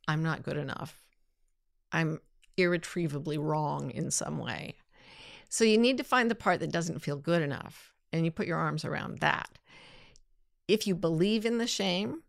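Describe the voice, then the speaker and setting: A woman's voice: fairly low pitch, normal speed, creaky, dry recording, studio quality. A woman hosting a talk, answering listener questions in a candid, self-deprecating way. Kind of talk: reflective casual talk.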